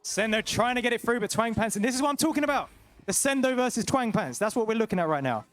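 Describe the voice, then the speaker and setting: A young man co-commentating a live esports match with steady, analytical play-by-play. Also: very high-pitched, fast talker.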